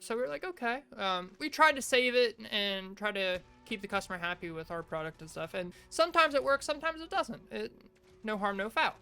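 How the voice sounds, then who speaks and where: A woman's voice: mid-range voice, lively intonation, a little fast, pushed and bright, clean tone, faint music behind. A woman casually telling rambling work stories while playing a video game, talking into a desk mic. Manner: rambling, chatty anecdotes with restarts. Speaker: gaming video creator. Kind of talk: casual storytelling over gameplay.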